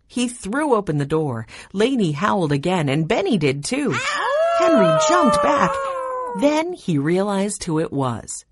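A woman narrating a children's storybook aloud in an expressive reading style. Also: deep voice, heavy background noise.

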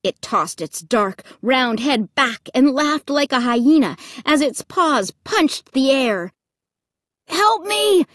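High-voiced woman reading a thriller. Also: slow pace, few pauses, no echo, clean studio sound. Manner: dramatic, expressive reading with shrieks. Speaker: audiobook narrator. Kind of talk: scripted first-person audiobook narration.

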